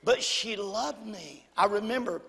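A man from Alabama with a Southern US accent, telling folksy, humorous stories from the pulpit in an animated way. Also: high voice, normal speed. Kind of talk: storytelling sermon. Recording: long hall reverb.

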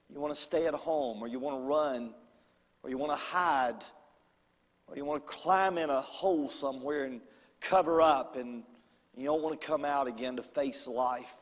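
A man preaching a sermon as pastor, swinging from loud excitement to hushed, soft storytelling. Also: on the high side, in a large hall. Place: church hall.

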